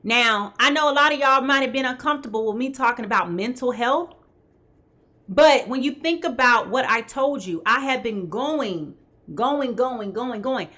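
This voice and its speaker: Bright-voiced woman doing a chatty tarot reading. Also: fairly high pitch, expressive, moderate pace. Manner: chatty, keeps checking in with "okay?"; talks straight to viewers, greets them by name. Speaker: tarot reader host. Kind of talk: live tarot reading to viewers.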